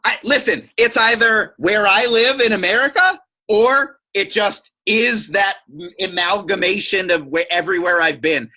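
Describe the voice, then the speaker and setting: Animated, bright-voiced man. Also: high voice, unhurried, few pauses. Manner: animated, self-mocking. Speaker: interview guest. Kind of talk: casual chat.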